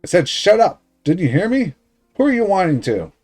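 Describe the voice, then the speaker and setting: A man's voice: medium pitch, sing-song, normal speed, warm tone, faint music behind. A man playing a snarling, foul-mouthed brute. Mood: furious. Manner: snarling, profane and bullying. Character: brutal, foul-mouthed abusive adult man.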